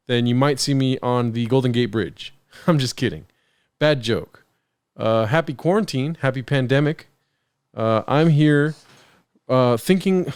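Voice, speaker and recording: A man's voice: mid-range voice, darkish tone, clear, resonant tone, no echo, clean studio sound. Man rambling through a solo podcast. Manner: self-deprecating, wandering, joking. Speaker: podcast host. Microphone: studio podcast mic on an arm.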